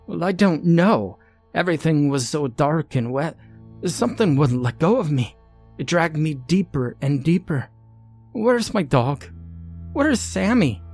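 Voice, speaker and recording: Man voicing a panicked young woman, hoarse, sobbing, pleading, pitched high, creepypasta narration. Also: big pitch swings, unhurried, a little mellow, faint music behind, heavily acted. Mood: panicked whining. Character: injured frightened young woman, hysterical.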